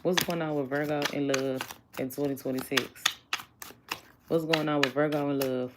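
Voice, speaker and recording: Woman, low voice, casual tarot reading, joking, noisy recording. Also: fairly even intonation, normal speed. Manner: chatty, blunt and joking, talks to viewers as y'all. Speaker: tarot reader.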